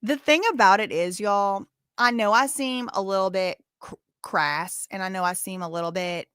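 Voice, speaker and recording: A woman's voice: mid-range voice, normal speed, fairly bright tone, clear, resonant tone, no room sound, studio quality. A woman hosting a livestream, answering chat questions in a sassy, blunt, casual way. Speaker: livestream host.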